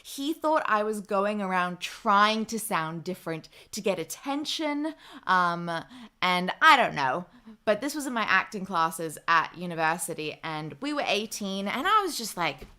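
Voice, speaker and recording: A woman's voice: mid-range voice, very animated, unhurried, bright, forceful tone, smooth. A young Australian woman with an Australian accent, hosting a livestream in casual chat and reading viewer comments aloud. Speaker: livestream host.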